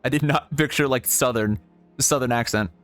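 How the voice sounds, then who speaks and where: A man's voice: medium pitch, moderate pace, a bit bright, faint music behind. A man streaming a video game, chatting casually in a rambling way with many fillers and restarts. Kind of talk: casual gameplay commentary.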